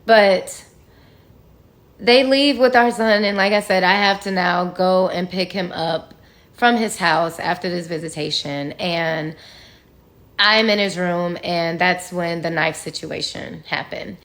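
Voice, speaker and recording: A woman's voice: fairly low pitch, slow, a bit bright. A woman telling her own story to viewers in a candid, frank way, sometimes swearing, with conversational fillers. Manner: frank and profane, talks straight to viewers.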